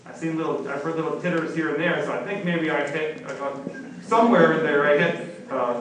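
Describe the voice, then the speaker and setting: A man's voice: on the high side, a little fast, a crowd in the background. A middle-aged man as pastor, preaching a sermon in a conversational, humorous way. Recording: very echoey, from far off.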